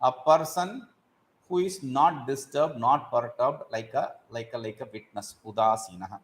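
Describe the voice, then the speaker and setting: Animated man teaching scripture. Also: mid-range voice, moderate pace, poor audio. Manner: animated, acts out examples, chants Sanskrit verses. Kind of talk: explaining Sanskrit verses in a class.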